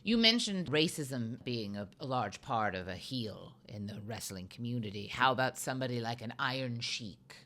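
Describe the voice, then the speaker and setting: A woman's voice: extremely low pitch, lively intonation, moderate pace, hardly any pauses, a bit bright. A woman hosting an improvised comedy podcast, asking dry, mock-serious questions. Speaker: podcast host.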